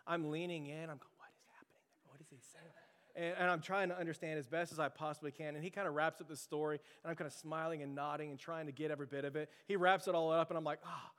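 A man preaching a sermon, telling stories in a chatty, self-deprecating and animated way. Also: a little high, quick pace, hardly any pauses, smooth. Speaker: pastor. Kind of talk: sermon with casual storytelling. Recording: long hall reverb.

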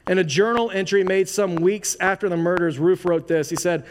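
Speaking at a normal speed with a high-sitting voice and fairly even intonation, this man delivers a sermon as pastor, loose and chatty, full of "like" and false starts. There's long hall reverb and a faint layer of noise.

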